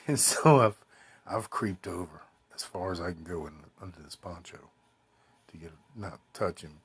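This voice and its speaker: Husky man, deep voice, rambling spoken anecdote, swears, quotes others. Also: normal speed. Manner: rambling, swearing, quoting others in his own voice. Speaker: storyteller.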